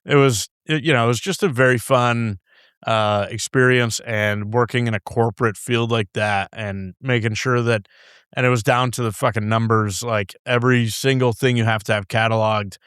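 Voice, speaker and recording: A man's voice: medium pitch, fairly even intonation, normal speed, fairly bright tone, clear, resonant tone, dry recording. A man in a podcast studio, guest telling casual, rambling stories, swearing freely and acting out other people's lines. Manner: rambling, laughs often, swears, acts out his boss's lines. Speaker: guest brewer. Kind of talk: casual storytelling chat. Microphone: studio microphone.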